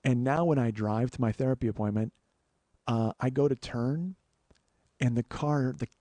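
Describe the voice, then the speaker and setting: A man hosting a comedy podcast, telling an exasperated, profane story that swings from low muttering to loud outbursts. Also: normal speed, dry recording. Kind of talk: storytelling monologue.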